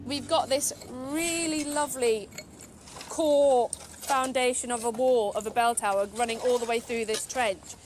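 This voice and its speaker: High-voiced woman archaeologist outdoors. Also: fairly even intonation, a little mellow, slight background noise. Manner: brisk, pointing things out. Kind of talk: explaining on site. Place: outdoor dig site.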